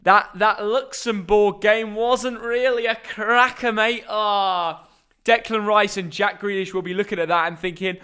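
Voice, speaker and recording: A young English man, chatty and excitable, hosting a live football reaction stream and bantering with viewers at home. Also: high voice, a little slow, smooth. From England.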